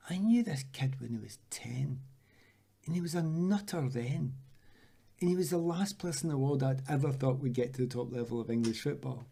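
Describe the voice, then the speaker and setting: A Scottish man in his sixties, a former footballer, telling lively anecdotes in an interview and acting out the voices of the people he quotes. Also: mid-range voice, a little fast, gravelly, husky. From Scotland.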